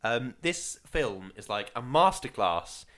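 A man's voice: mid-range voice, slow pace. Laughing, chatty male podcast co-host. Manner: animated, laughs often, loose rambling. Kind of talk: casual film chat.

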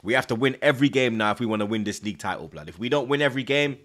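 A young man hosting a live football watchalong, excitable and repetitive, taunting rival fans. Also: mid-range voice, very fast. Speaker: host of a football watchalong stream. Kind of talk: live fan reaction stream.

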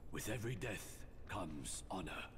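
A man's voice: low voice, expressive, normal speed, very noisy. An actor playing a solemn, honor-bound male warrior in a game voice line.

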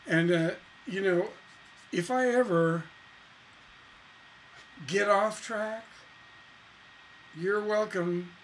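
A man's voice: high voice, slight background noise, rough recording. A man teaching songwriting in a casual lesson, musing aloud as he works through chords on guitar. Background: acoustic guitar playing.

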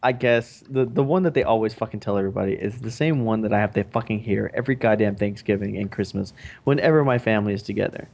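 A young man casually telling a family story on a vlog, animated and swearing often. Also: on the low side, fast, vocal fry, lo-fi sound. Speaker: vlog co-host.

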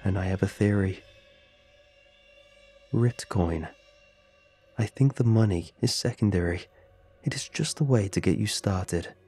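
A man voicing a flat, robotic text-to-speech reading of a dying man's note, spoken without intonation and with a deep, dark, husky voice. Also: unhurried, pauses often, soft background music. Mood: bleak.

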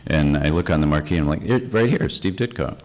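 A man's voice: very deep voice, fast talker. A man in his fifties from Chicago, a comics artist on a convention panel, telling a rambling anecdote full of "like.". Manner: animated, rambling, lots of "like". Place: convention stage before an audience.

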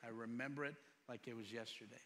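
A pastor in his fifties preaching a sermon, firing rhetorical questions and swinging between loud and soft. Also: mid-range voice, steady tone, quick pace, slight background noise. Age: 50s. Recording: long reverb in a church hall.

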